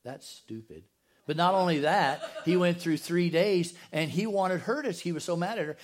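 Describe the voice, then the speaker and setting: A man pastoring a church, preaching a sermon in a casual, joking way and asking his congregation questions. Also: sits high. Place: church sanctuary.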